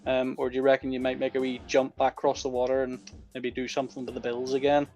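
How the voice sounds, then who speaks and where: A man's voice: mid-range voice, completely flat delivery, fast talker, darkish tone. A man co-hosting a sports podcast, asking questions in easygoing casual chat. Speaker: podcast co-host.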